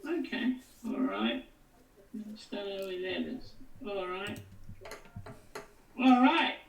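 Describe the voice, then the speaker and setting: A woman's voice: mid-range voice, sing-song, slow, a little hiss or hum. A woman playing a character in a tabletop role-play, speaking casually. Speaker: player. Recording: echoey, distant mic.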